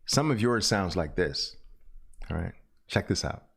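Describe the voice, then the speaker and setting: A middle-aged man leads a trading lesson in a lively, swooping voice. He talks at an unhurried pace, repeats his phrases, and punctuates his points with loud exclamations. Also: sits low, creaky, husky. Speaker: trading instructor. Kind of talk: screen-share trading lesson.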